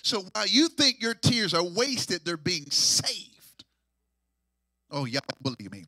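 Man, pastor, high voice, very bright and forceful, half-sung call-and-response sermon. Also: big pitch swings, slow pace, no room sound. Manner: call-and-response preaching, swinging from hushed to near-sung shouts.

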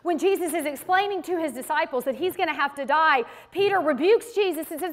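A woman's voice: sits high, fairly quick, big-room sound. A woman teaching a sermon in church, telling stories in a casual, conversational way and acting out the voices she quotes. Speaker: women's ministry teacher. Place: church sanctuary.

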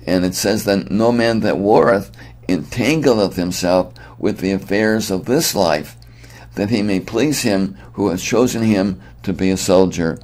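A middle-aged man with a very low voice delivers an earnest sermon. He presses his points with emphasis and often restarts phrases mid-thought. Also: darkish tone. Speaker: preacher.

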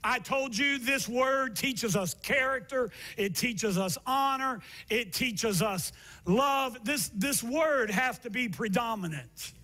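A male pastor preaching a sermon, telling stories from his youth and building to emphatic, shouted passages. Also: very high-pitched. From Miami area, United States.

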